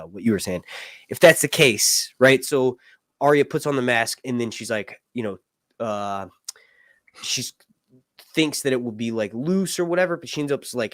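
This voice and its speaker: A man's voice: mid-range voice, expressive, normal speed, no room sound, studio quality. A man hosting a casual livestream discussion, rambling and talkative, with lots of fillers and restarts. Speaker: podcast host.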